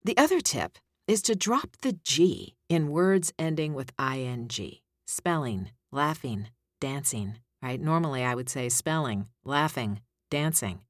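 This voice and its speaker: A woman's voice: low voice, lively intonation, unhurried, few pauses, no room sound, clean studio sound. A woman giving voiceover coaching tips in a conversational way, demonstrating line reads as she goes.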